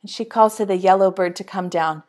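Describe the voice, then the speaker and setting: A woman teaching preschool online, reading a picture book aloud to young children in a slow, singsong storytime manner with animated exclamations. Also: medium pitch.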